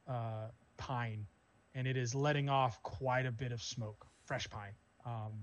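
A man narrating as game master in a tabletop role-playing game, describing scenes in a relaxed way with many fillers. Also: mid-range voice, highs cut off.

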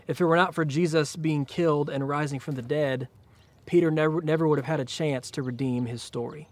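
A man preaching a sermon to a church congregation, retelling scripture in a relaxed, conversational way. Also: a little high, a little fast. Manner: conversational, paraphrases scripture in casual speech. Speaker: pastor.

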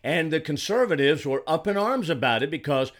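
Older male commentator from Arizona, indignant and emphatic, slightly higher voice. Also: animated, fairly quick, a bit bright. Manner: indignant, emphatic, repeats words when heated. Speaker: political commentator. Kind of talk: solo commentary monologue.

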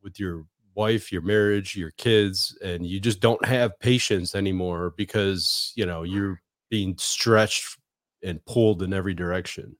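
A man talking loudly in casual chat, sounding tired and a bit put-upon. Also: low-pitched, steady tone, measured pace, no echo, clean studio sound. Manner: loud-talking, tired, complaining.

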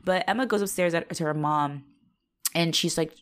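A woman's voice: lowish voice, very animated, moderate pace. A woman co-hosting a casual podcast, recapping a TV episode and swearing freely as she acts out the characters' lines. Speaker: podcast co-host. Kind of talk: casual rewatch podcast chat.

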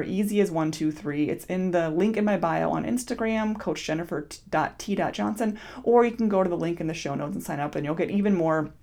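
Earnest woman podcaster with a gravelly edge. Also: mid-range voice. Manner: earnest, encouraging, with many fillers and soft asides. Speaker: podcast host and mindset coach. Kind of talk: casual solo podcast talk.

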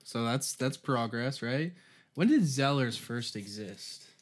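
A man's voice: medium pitch, animated, slow. A man with a mid-range voice talks his way through a solo comedy podcast. He rambles loosely, cursing as he goes and sinking into mumbled asides before picking the thread back up. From Canada. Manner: rambling, profane, offhand, trailing off into mumbles. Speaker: podcast host.

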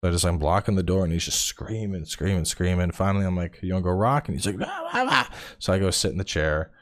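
A tired man in his thirties, a podcast guest chatting casually and telling animated stories with plenty of swearing. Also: low-pitched, quick pace. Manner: animated storyteller, swears freely. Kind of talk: casual chat.

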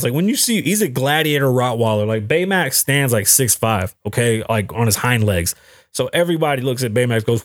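A man's voice: mid-range voice, no echo, studio quality. A young man hosting his own talk show, riffing casually with lots of swearing and acted-out quotes. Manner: profane, animated storytelling with acted-out quotes. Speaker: podcast host. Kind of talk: casual solo commentary.

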